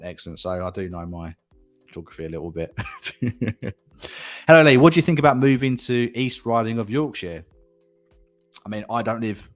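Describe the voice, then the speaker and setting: A man hosting a casual property livestream, chatting and reading out viewer comments, often repeating himself and laughing. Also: fairly low pitch.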